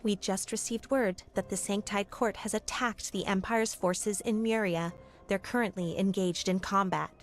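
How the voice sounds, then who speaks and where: A woman voicing a female messenger in a story game, delivering a brisk, urgent report. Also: mid-range voice, fairly even intonation, faint music behind, natural voice. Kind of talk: game voice acting.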